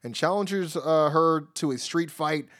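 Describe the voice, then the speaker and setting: A man's voice: on the high side, measured pace, fairly bright tone. A man co-hosting a podcast, recapping wrestling shows in loose, profane chat, laughing often and acting out quotes. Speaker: podcast co-host.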